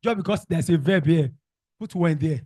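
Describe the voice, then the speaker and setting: A man's voice: on the high side, moderate pace, mellow, no echo, studio quality. A man teaching a revision class, calling out questions and repeating the answers in call-and-response drills.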